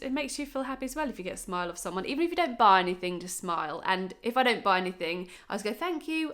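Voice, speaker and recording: A woman's voice: mid-range voice, a bit bright. A woman in her thirties with a Norfolk accent, chatting bubbly to camera with lots of "right" and "um". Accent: Norfolk English. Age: 30s. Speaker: vlogger. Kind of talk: casual chat to camera.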